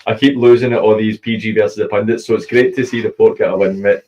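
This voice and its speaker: A Scottish man hosting a football show, chatting casually with banter and quick asides. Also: fairly low pitch, steady tone, a little mellow. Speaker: radio football show host. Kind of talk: casual sports chat. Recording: muffled lo-fi stream audio.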